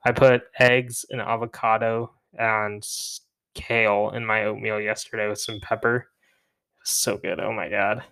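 Talking solo in a meandering podcast chat, a young co-host pokes fun at himself and laughs along. He speaks a bit slowly and flatly in a lowish, gravelly voice with a sharp edge, and the sound is clean.

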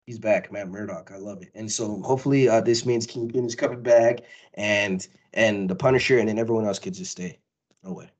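A man co-hosting a casual pop-culture podcast, talking excitedly and rambling with frequent laughs. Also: on the low side, fairly quick, husky, rough recording. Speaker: podcast co-host. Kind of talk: casual chat.

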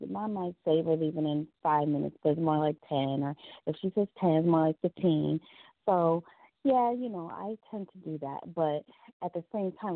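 A woman's voice: fairly low pitch, no echo. A woman hosting her own podcast, chatting casually and laughing as she acts out little quoted voices. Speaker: podcast host. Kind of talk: casual solo podcast talk. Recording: dry tinny phone-like sound.

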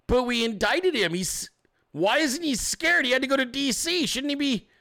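A man's voice: very high voice, expressive, moderate pace, bright, forceful tone, pitched above the performer's own voice, full character voice. A man putting on the voice of a panicky, whining male leftist to mock him. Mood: panicked whining. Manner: mocking, incredulous whining.

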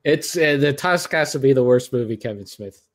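A man's voice: medium pitch, lively intonation, normal speed. Man, podcast host, casual chat, rambling, opinionated, mid-range voice.

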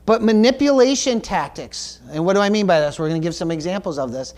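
Animated and quick, with few pauses, a male pastor preaches in a high, slightly mellow voice. He's earnest and emphatic, repeating words and calling on the congregation with "Amen?"

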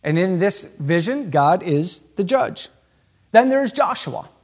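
Animated high-voiced male preacher. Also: takes it slowly. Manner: animated, emphatic preaching with sudden shifts in pace. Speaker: pastor. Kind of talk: sermon.

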